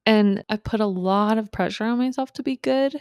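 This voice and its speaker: A woman telling her own story candidly in a podcast conversation, reflective and halting, often restarting her sentences. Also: on the high side, darkish tone, clear, resonant tone, no echo, dull audio. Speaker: podcast guest.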